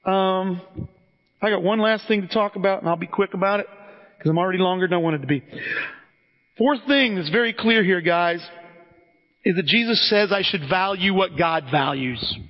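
A man's voice: high voice, moderate pace, pauses often. A man preaching a casual, conversational sermon, speaking directly to his listeners and often restarting his sentences. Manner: direct, addresses listeners as "guys", frequent restarts. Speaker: pastor. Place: church sanctuary. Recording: dull recording with long hall reverb.

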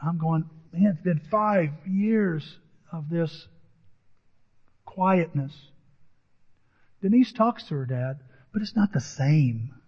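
A middle-aged man preaches a sermon, telling a personal story with quoted conversations. His voice sits a little higher than most men's. The audio is dull and carries a long reverb, as in a big church hall. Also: expressive, takes it slowly, long pauses, slightly rough. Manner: personal anecdotes with quoted dialogue, earnest. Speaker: pastor.

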